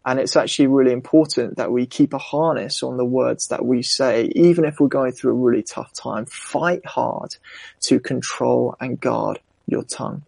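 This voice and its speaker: A man's voice: mid-range voice, normal speed, gravelly, a little mellow, breathy edge, no room sound. A young man preaching a sermon in an earnest, reflective way, mixing scripture with personal stories.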